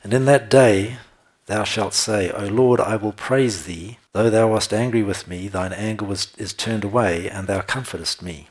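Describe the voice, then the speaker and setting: Husky low-voiced man preaching. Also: normal speed. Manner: reads scripture aloud and comments, laughs often. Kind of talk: sermon.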